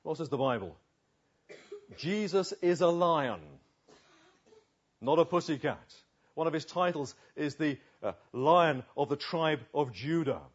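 A man preaching a sermon, shifting between slow emphatic pauses and quicker asides. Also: a little high, slightly rough, lo-fi sound. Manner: expressive, varied delivery with slow emphatic pauses.

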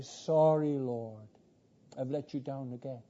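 A man's voice: medium pitch, unhurried, dark tone. A man preaching a sermon, earnest and repeating his words, who builds to fervent climaxes. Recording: dull lo-fi sound.

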